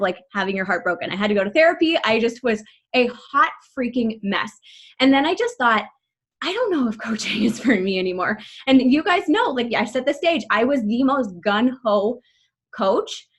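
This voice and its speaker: A woman in her thirties leading a team call, telling a personal story quickly and breathlessly, full of "like" fillers, her voice shaking with emotion. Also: on the high side. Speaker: team leader speaking to her coaching team.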